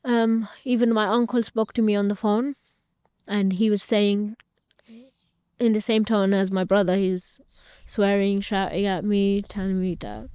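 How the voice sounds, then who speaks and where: A woman's voice: mid-range voice, fairly even intonation, a little slow, dark tone, clean tone, no room sound, clean studio sound. A young woman, a guest in an interview, earnestly recounting a personal story and retelling family conversations at length.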